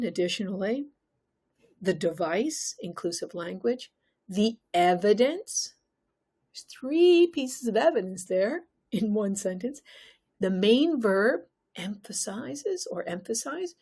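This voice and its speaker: A woman's voice: medium pitch, slightly rough. A woman teaching an exam-prep lesson, talking emphatically and putting questions to the viewer.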